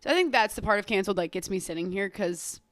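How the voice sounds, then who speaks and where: A woman's voice: medium pitch, animated, fast, fairly bright tone, no echo, studio quality. A woman in her twenties hosting a casual solo podcast, rambling, swearing freely and gushing about pop culture, often laughing and apologizing. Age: 20s. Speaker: podcast host.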